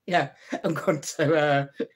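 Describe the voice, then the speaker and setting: A man's voice: on the high side, fairly even intonation, takes it slowly, breathy edge. A man hosting a live stream, telling jokes, laughing at his own puns and chatting to viewers. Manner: greets and answers viewers' comments.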